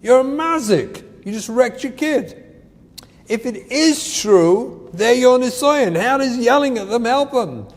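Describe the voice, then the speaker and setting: A man's voice: extremely high pitch, lively intonation, a little slow. A man giving an earnest, emphatic inspirational talk on parenting, mixing in Hebrew terms. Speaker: parenting speaker. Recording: echoey hall, faint noise.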